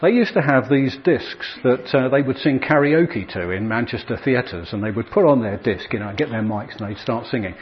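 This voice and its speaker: A middle-aged man tells stories from his working life to an audience. He speaks in a chatty, self-deprecating way with plenty of ums and uhs, at an ordinary pitch for a man. The recording sounds slightly dull and lo-fi. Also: animated, moderate pace, hardly any pauses. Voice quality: chatty, self-deprecating humour with frequent fillers. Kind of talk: anecdotal talk to an audience.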